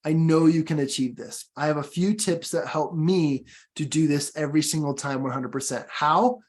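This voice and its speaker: A man's voice: on the high side, normal speed. A man coaching his audience in a motivational training talk, emphatic and encouraging, repeating his key points.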